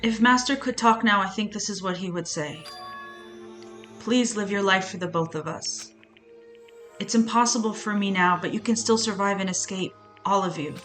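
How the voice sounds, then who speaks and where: Woman voicing shy, polite game AI, soft apologetic delivery, faint music. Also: medium pitch, normal speed, natural voice. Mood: gentle. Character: polite gentle computer program, boyish.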